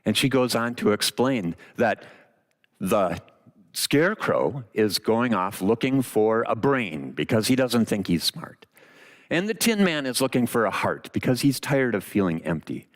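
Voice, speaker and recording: Man preaching, tells the story with big swoops in his voice and dramatic pauses. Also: on the low side, sing-song. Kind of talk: sermon storytelling.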